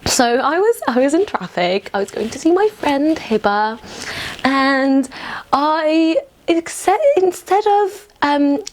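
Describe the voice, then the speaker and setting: A young woman from Palestine takes it slowly and expressively as she hosts a vegan cooking tutorial mixed with storytelling. Chatty and prone to giggles, she imitates relatives in high voices.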